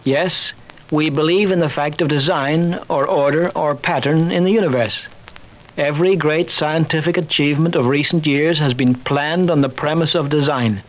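An older man speaking in a slightly high voice, laying out an argument for faith in a calm, measured way. He mixes in stories from his life and dry, wry jokes. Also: rough recording. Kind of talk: recorded talk on faith, told through anecdotes.

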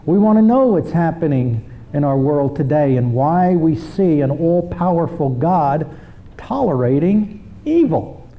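A man teaching a church class in a measured, explanatory sermon style. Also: fairly high pitch, sing-song, muffled recording. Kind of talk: sermon lecture.

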